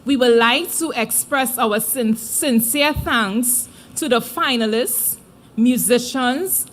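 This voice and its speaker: A woman giving a formal prepared address at a live event, measured and deliberate. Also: on the high side, a bit bright. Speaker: committee speaker.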